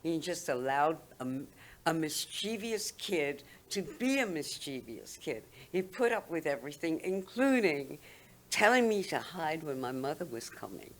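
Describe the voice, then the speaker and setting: A woman's voice: low voice, very animated, unhurried. Older British woman with a London accent. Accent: London English. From London, England. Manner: chatty, laughs often while talking. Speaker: guest. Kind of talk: reminiscing interview talk.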